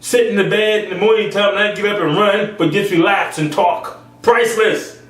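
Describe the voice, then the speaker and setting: A man's voice: sits high, moderate pace, a bit bright. A man preaching an informal sermon, repeating phrases for emphasis and acting out other people's voices. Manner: acts out others' voices in raised tones. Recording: echoey room from far off.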